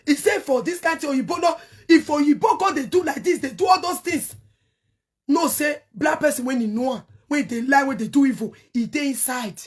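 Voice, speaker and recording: A middle-aged woman with a Nigerian accent and a strikingly high, piercing voice. She rants hotly at her viewers, curses freely and breaks into shouts every few phrases. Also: normal speed. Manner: angry, cursing, shouts in bursts. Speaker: online show host. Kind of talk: heated rant to viewers.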